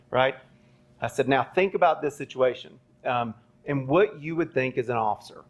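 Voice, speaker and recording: A man's voice: medium pitch, animated, moderate pace. A man who trained police recruits, telling a long story at a live university panel, with lots of ums and "right?" checks. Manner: rambling, many ums and rhetorical "right?". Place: university event space. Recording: dull lo-fi sound.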